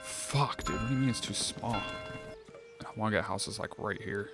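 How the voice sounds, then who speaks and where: A man giving casual let's-play commentary, thinking aloud, swearing often and getting excited. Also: fairly low pitch, normal speed. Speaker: gameplay streamer. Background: game music.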